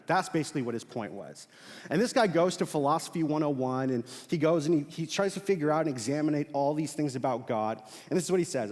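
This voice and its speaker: A young man preaching a sermon as pastor, telling stories in a casual, animated way with fillers and laughs. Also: fairly high pitch, fast. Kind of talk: sermon with storytelling. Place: large church auditorium. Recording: long hall reverb.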